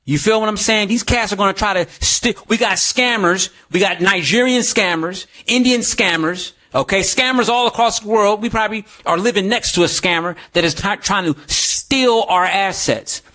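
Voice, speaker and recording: A man with a notably high speaking voice delivers a ranting commentary. His talk is slangy and full of curses, and he keeps pressing the audience for agreement. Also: normal speed, few pauses, bright, forceful tone. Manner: heated, slangy, profane, keeps asking "you feel me". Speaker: crypto video host.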